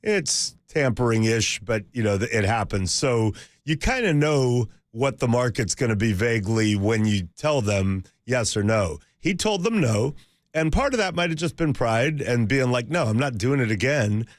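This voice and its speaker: Rambling sports radio co-host, dry sound. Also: male voice, mid-range voice, animated, moderate pace, dry recording.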